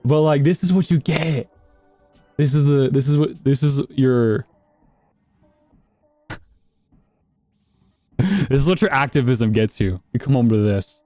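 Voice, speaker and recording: A man's voice: medium pitch, animated, slow pace, long pauses, dark tone, no echo, faint music behind. A man streaming live and reacting to videos in blunt, profane, rambling casual commentary.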